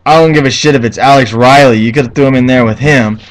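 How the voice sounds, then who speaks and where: A young man giving a casual solo review of a wrestling show, profane and quick to get heated, with many restarts and fillers. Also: medium pitch, rough recording. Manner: profane, ranting, easily heated.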